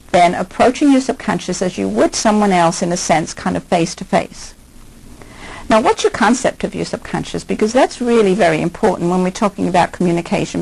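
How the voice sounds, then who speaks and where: A woman's voice: medium pitch, creaky, darkish tone, low-quality recording. An older woman, a hypnotherapist, giving a conversational lecture and asking her listeners many questions.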